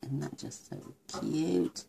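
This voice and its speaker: A woman's voice: rumbling low, animated, slow pace, vocal fry, mellow, slight background noise. A woman demonstrating card-making, gushing and chatty as she thinks aloud while colouring. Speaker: craft demonstrator.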